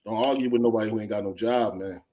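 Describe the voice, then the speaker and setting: A man's voice: on the low side, steady tone, fast talker, warm tone. Slangy joking man on a stream. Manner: slangy, joking, laughs often. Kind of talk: casual livestream chat.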